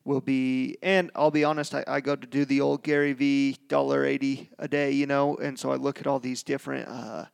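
A man's voice: medium pitch, little pitch movement, fairly quick, creaky, few pauses, smooth. A man hosting a casual podcast, talking in a laid-back way and calling his co-host dude and bro.

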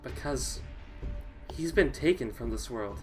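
A man's voice: medium pitch, animated, a little slow, faint music behind, natural voice. A man playing a cold, possessed cult woman. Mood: solemn.

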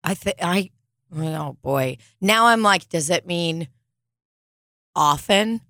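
A woman's voice: lowish voice, animated, slow pace, sharp tone, no echo, clean studio sound. A young woman co-hosting a casual chat, rambling and swearing now and then.

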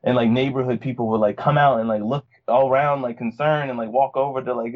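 A man's voice: mid-range voice, fairly even intonation, fast, hardly any pauses, lo-fi sound. A young man from Virginia telling a personal story in a casual, rambling way, full of fillers and restarts. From Virginia, USA. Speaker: podcast guest.

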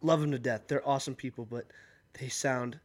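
A man with a mid-range voice joins a podcast as a guest. He chats in a relaxed, easygoing way. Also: mid-range voice, fairly quick. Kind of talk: casual podcast chat.

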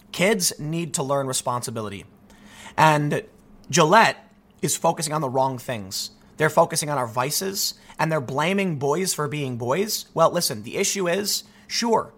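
Solo on his own channel, a young man from the United States rants in an animated, restless way, restarting sentences again and again. His pitch is fairly high.

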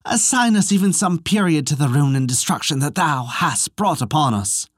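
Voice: mid-range voice, expressive, normal speed, no room sound, clean studio sound, natural voice. A reader voicing a young princess turned into a swan, who speaks with formal reproach. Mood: reproachful.

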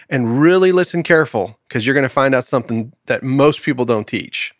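A man co-hosting a Bible study talk, reading scripture and retelling it as an animated storyteller. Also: medium pitch, normal speed, dry recording, studio quality. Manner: animated storyteller, acts out voices in quotes with laughs. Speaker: podcast co-host teaching scripture.

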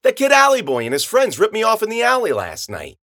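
A man's voice: sits high, huge pitch swings, fairly quick, sharp tone, pitched above the performer's own voice, full character voice. A man voicing a brash, crude, wisecracking tough guy who curses a lot. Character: brash, foul-mouthed tough guy, male, century-old.

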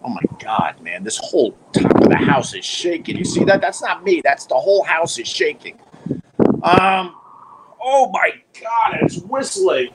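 A man telling a story casually, animated and swearing as he acts out his own reactions. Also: fairly high pitch, normal speed, very noisy. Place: house by a beach.

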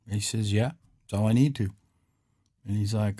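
Low, mellow-voiced man telling a folksy story. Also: moderate pace, pauses often, breathy edge, no room sound, studio quality. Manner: folksy, repeats "he goes", acts out both sides of a parable. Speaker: podcast host. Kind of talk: casual storytelling.

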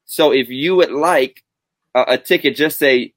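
A man's voice: medium pitch, a little slow, no echo. A man hosting a casual live stream, joking and drawing out his announcements. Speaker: host.

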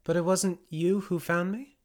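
A man's voice: sits high, flat delivery, a little slow, pitched above the performer's own voice. Faye, a scoffing tough girl voiced by a man. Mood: sardonic. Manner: huffy, sardonic. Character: sharp-tongued teenage girl, tough, scoffing. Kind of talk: audiobook character voice.

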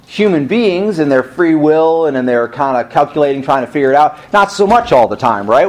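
A man's voice: mid-range voice, a little mellow. A male pastor preaching a sermon in a conversational way, asking rhetorical questions and rising for emphasis.

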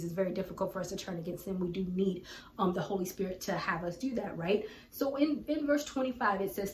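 A woman giving a casual Bible teaching, talking in an earnest, colloquial, conversational way. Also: medium pitch. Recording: roomy echo, distant from mic, faint background hum.

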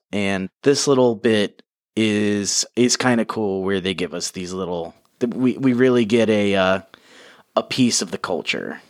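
A man's voice: on the low side, dry recording, studio quality. A man co-hosting a podcast, musing thoughtfully on a book in casual chat. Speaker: podcast co-host.

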